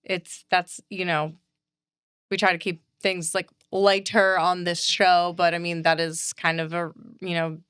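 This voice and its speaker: A woman co-hosting a podcast in relaxed chat, her lowish voice smooth and clean. She talks hesitantly, circling back and restarting her thoughts. The recording is close and dry. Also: unhurried, no room sound. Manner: hesitant, many fillers and restarts. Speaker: podcast co-host. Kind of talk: casual chat.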